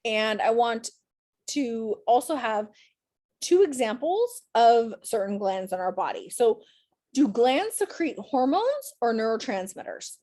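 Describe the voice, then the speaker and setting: A woman with a high-ish, sing-song, warm voice teaches an online class over a video call at a measured pace. She's chatty, encouraging and upbeat with her students, though her voice sounds tired after a day of teaching.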